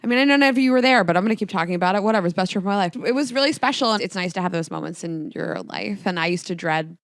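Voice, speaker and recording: A woman's voice: medium pitch, lively intonation, rapid-fire, no room sound, clean studio sound. A woman co-hosting a podcast, gushing and rambling in casual chat. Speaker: podcast co-host.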